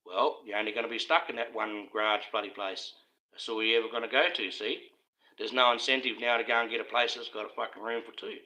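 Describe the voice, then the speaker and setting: A man's voice: medium pitch, bright, forceful tone, muffled recording. An Australian man ranting on a live stream in a casual, profane, conspiratorial monologue, often breaking into laughter.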